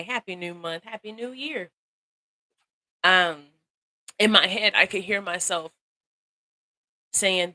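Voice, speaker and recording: A young woman hosting a casual live stream, talking on her phone and greeting viewers by name. She speaks in an animated, encouraging way, laughs often and repeats phrases for emphasis. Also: mid-range voice, dry recording. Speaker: livestream host.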